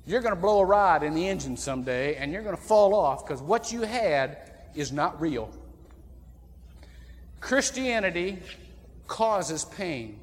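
A man from Indiana preaching a sermon as pastor, folksy and animated, with sudden loud outbursts. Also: sits high, measured pace, pauses often. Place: church sanctuary. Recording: long church reverb.

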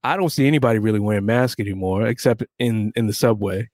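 A man co-hosting a podcast, relaxed and playful, running through news items and steering the talk. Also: on the low side, fast talker, no echo. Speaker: podcast co-host. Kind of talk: casual chat and news rundown.

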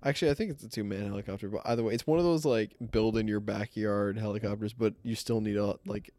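Young man, podcast co-host, low gravelly voice, rambling jokes. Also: quick pace, warm tone, no echo. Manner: rambling, joking, trails off. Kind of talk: casual chat.

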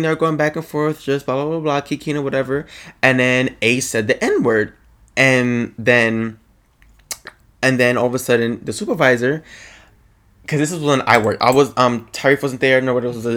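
A man's voice: medium pitch, a bit bright. A man, a podcast guest, telling a story in a casual, rambling way with lots of filler words. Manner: rambling, filler-heavy, laughs between lines.

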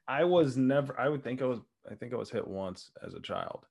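A man in easy, casual conversation, telling lively stories that often break into laughter. His pitch sits in an ordinary middle range and he swears freely. He talks like a regular on his own show. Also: brisk, vocal fry, husky. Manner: animated storytelling with frequent laughs and swearing. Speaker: podcast co-host. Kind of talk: casual chat.

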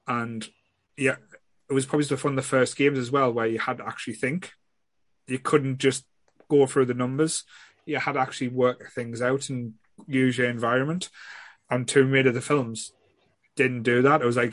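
A man's voice: mid-range voice, fairly even intonation, normal speed, long pauses, fairly bright tone, no room sound. A man hosting a podcast in casual chat, rambling with restarts and blunt swearing. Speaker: podcast host.

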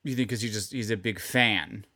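A man co-hosting a podcast, chatting casually with deadpan jokes. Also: lowish voice, moderate pace. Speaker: podcast co-host. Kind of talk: casual comedic chat.

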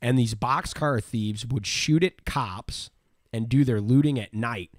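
A man's voice: medium pitch, a little slow, dry recording, clean studio sound. A man hosting a podcast, telling a local history story in a rambling way full of fillers and restarts. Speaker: podcast host. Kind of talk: casual history chat.

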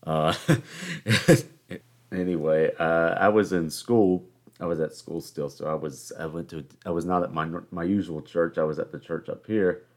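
A man's voice: sits low, fairly even intonation, a little mellow. A young man hosting a podcast, telling a rambling casual story with many fillers and restarts. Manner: halting, lots of fillers and restarts. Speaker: podcast host.

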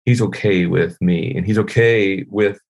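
A man's voice: sits low, steady tone, unhurried, vocal fry, a little mellow. A man, a worship pastor, speaking earnestly and reflectively as a podcast guest. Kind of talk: faith podcast conversation.

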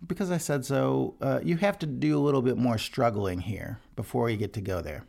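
A man's voice: medium pitch, brisk, creaky, warm tone. A man voicing a breezy, generous rich man who is offhand and unbothered, in a devotional podcast.

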